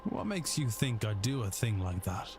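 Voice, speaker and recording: A man's voice: on the low side, lively intonation, normal speed, a little mellow, slight background noise, natural voice. An actor playing a guarded male detective in a video game, speaking in a wry, questioning way. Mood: wary. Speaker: game character.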